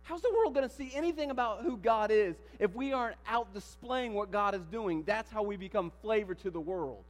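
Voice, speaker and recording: A man preaching a sermon in a church, animated, firing rhetorical questions and building to emphatic declarations. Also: high-pitched, brisk, faint music behind. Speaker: pastor. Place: church sanctuary. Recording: long hall reverb with mains hum.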